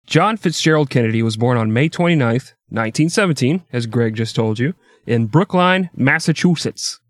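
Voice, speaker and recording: A man's voice: mid-range voice, animated, normal speed, no echo, studio quality. A man co-hosting a podcast, telling a history story in a casual, jokey, irreverent way and laughing often.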